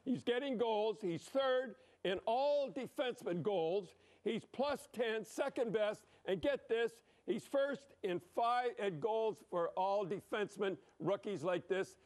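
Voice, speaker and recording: A man's voice: high-pitched, unhurried, hardly any pauses, a little mellow. An older man giving blunt, emphatic, rambling hockey commentary over replays, dropping frequent "eh?".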